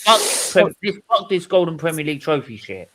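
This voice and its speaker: Fairly high-voiced man holding his ground in a heated football debate on a call. He hammers one point over and over, swears freely, and keeps talking over interruptions. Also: sing-song, a little fast, sharp tone, no room sound. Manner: emphatic, repeats himself, swears. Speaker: football fan panelist.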